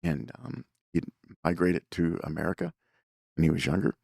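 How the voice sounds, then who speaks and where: A man's voice: low-pitched, very animated, normal speed, gravelly, a little mellow, slightly rough, dry recording, clean studio sound. A man hosting a show, telling a story in a casual, rambling way, with lots of fillers and self-corrections. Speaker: podcast host.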